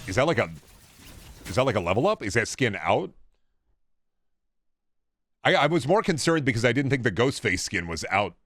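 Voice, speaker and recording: A man's voice: mid-range voice, very animated, normal speed, long pauses, a bit bright, dry recording. A young man streaming a video game, rambling and swearing casually as he plays and chats with viewers. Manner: rambling, profane, chatting with viewers while playing. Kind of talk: casual gameplay commentary.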